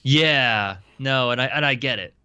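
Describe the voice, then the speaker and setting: A man co-hosting a casual gaming podcast, easygoing and quick to react. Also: mid-range voice, pushed and bright, smooth, no echo, muffled recording. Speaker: podcast co-host.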